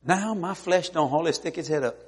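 Animated storytelling preacher, slightly high voice. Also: male voice, brisk, husky, big-room sound. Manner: animated, acts out dialogue, laughs often. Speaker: preacher, head of a ministry. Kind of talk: storytelling sermon.

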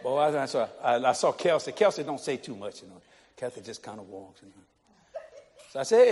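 A man's voice: mid-range voice, big pitch swings, a little fast, a little mellow, a little hiss or hum. A middle-aged man, preaching to a congregation in a church hall and telling funny stories, laughing often and acting out the people in them. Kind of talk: humorous storytelling sermon.

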